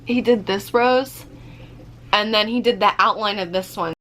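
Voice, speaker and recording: A young woman telling a story in a casual vlog, animated, swearing freely and using lots of fillers. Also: mid-range voice, unhurried, slight background noise. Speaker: vlogger.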